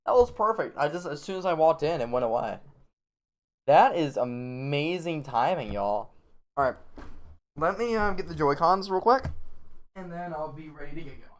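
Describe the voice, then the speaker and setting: Explaining tactics while streaming a game live, a young man keeps things casual and chatty, laughing often and filling his speech with fillers. His voice is on the high side and expressive, at a moderate pace with frequent pauses.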